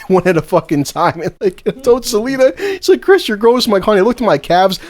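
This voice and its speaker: Dude on a podcast cussing through a gross story, voice jumping all over, kinda high, dry mic. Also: male voice. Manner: heavy swearing, laughs mid-sentence, acts out quotes. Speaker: podcast co-host. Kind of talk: crude storytelling chat.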